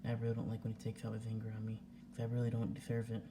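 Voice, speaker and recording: A man's voice: on the low side, monotone, racing, background noise. A young man ranting casually to his camera at home, repeating himself and swearing as he talks. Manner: repetitive, agitated, swearing. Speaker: vlogger. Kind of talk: casual vlog rant. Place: home indoors.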